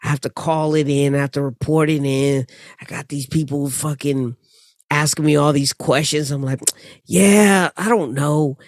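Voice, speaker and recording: A man's voice: on the high side, flat delivery, normal speed, no echo, clean studio sound. Blunt, profane man telling a story. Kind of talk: casual chat.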